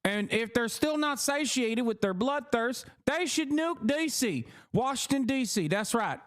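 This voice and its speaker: A man's voice: extremely high pitch, animated, a little slow, pitched above the performer's own voice. A man mimicking a bombastic Southern senator. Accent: Southern US, put on. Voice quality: bombastic, mocking. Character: blustering hawkish Southern senator man, older.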